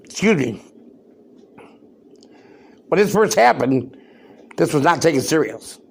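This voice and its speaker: A podcast host rants very slowly in a sing-song, fairly high voice that is slightly rough with vocal fry, pausing often. Even so, he is loud and worked up, delivering emphatic commentary and rhetorical questions.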